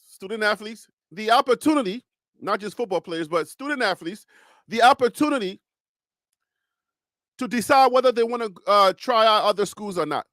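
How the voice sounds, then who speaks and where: A man hosting a live sports talk show, speaking in a calm, reassuring, preacher-like cadence and often repeating and restarting phrases. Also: high voice, dry recording, clean studio sound.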